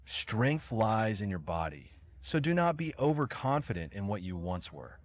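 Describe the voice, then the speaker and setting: A man's voice: fairly low pitch, very animated, normal speed, no room sound. A man voicing a firm, protective prince commander in a story recap. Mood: concerned.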